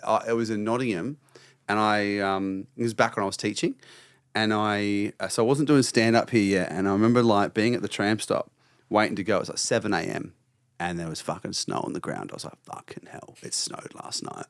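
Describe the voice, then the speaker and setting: A man's voice: on the low side, fairly quick, clean tone. A man in his thirties with an Australian accent, a stand-up comedian telling stories in casual podcast chat. He swears freely and laughs through his own lines.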